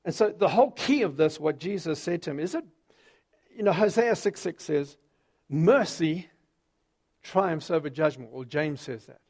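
A man preaching a sermon, telling Bible stories with lively acted-out voices. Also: fairly high pitch, moderate pace, breathy edge. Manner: animated storytelling, acting out quoted voices.

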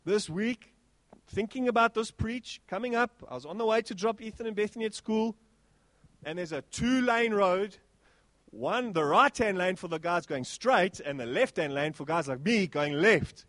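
A high-pitched man delivers a sermon in church. He talks animatedly, calling out to the congregation. The sound is dry and close. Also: moderate pace, dry recording. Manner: animated, exclaiming, sweeping pitch swings. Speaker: pastor.

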